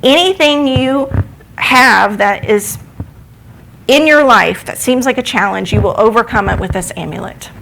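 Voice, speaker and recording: A woman voicing a calm, reassuring monk in a spoken parable. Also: fairly high pitch, a little slow, creaky, slight background noise. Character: calm wise old male monk.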